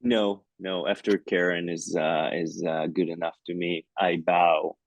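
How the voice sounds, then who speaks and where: Deep-voiced Israeli man, playful interview talk. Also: level tone, measured pace, no echo, highs cut off. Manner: playful, many fillers and restarts. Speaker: actor guest. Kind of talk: casual interview over video call.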